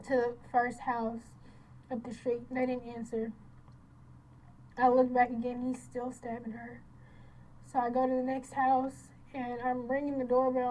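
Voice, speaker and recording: High-voiced woman giving shaken testimony. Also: darkish tone, slight background noise, rough recording. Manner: halting, repeats and restarts, voice breaking into tears at times. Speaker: crime victim recounting an attack. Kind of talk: emotional first-person testimony.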